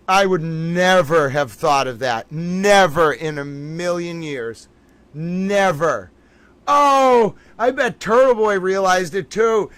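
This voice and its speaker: A man's voice: high-pitched, takes it slowly, a bit bright, clear, resonant tone, no echo. A man hosting a livestream, thinking aloud, exclaiming and laughing as he reacts live to news. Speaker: livestream host. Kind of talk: excited live reaction commentary.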